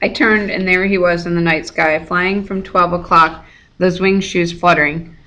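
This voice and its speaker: Woman reading a novel aloud, bright tone, slightly low pitch, occasional slips and rereads. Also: steady tone, normal speed. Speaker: reader.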